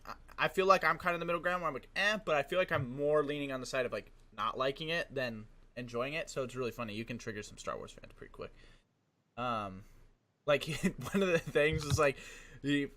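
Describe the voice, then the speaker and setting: A man's voice: medium pitch, a bit bright. A man hosting a casual chat. He rambles, swears and laughs often. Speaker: podcast host.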